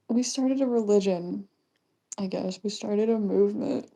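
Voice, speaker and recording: A young woman livestreaming in a casual chat, reading comments aloud, often giggling and keeping her voice hushed. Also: mid-range voice, measured pace.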